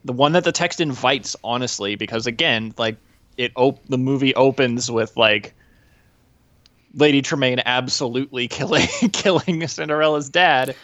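A man co-hosting a podcast in a casual film discussion, thoughtful and full of restarts. His voice is mid-pitched. The sound is dry and a bit dull, like a modest home mic. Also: normal speed, a bit bright, dry recording. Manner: thoughtful, hesitant, with frequent restarts and "like" fillers. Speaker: podcast co-host.

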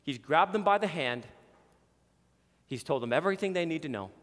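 A man's voice: a little high, animated, moderate pace, a bit bright, long reverb tail. A man preaching a sermon as pastor, emphatic and repeating words for stress.

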